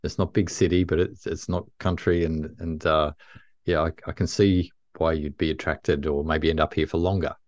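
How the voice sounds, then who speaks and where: A man's voice: a bass voice, fairly even intonation, normal speed, dry recording, studio quality. A man from Tasmania, hosting a conversational podcast interview and speaking hesitantly, with frequent fillers and restarts. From Tasmania, Australia. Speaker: podcast host.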